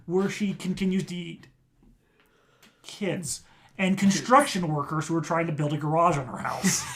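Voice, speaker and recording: A man's voice: a little high, fairly even intonation, normal speed, fairly bright tone. Young man spinning a jokey rambling tale. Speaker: podcast co-host. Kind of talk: casual chat.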